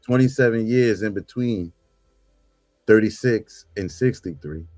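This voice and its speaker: A man with a low voice reads aloud during a class, measured and stressing important words. The sound is very dry and close. Faint music plays underneath. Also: a little mellow, no echo. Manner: measured, stressing key words when reading. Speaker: student reading aloud in class.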